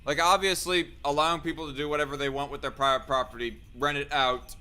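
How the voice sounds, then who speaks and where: Podcast host guy, bright crisp voice, kinda hesitant, keeps rewording himself. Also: a little high, steady tone, quick pace. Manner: hesitant, self-correcting. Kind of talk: casual podcast discussion.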